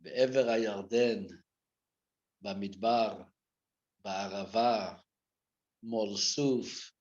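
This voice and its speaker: Rabbi giving a torah class, lively then hushed, muffled lo-fi recording. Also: male voice, on the low side, drawn-out words. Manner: animated, swings from loud acted rebukes to quiet asides; mixes Hebrew and Yiddish terms into English. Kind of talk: live Torah class lecture.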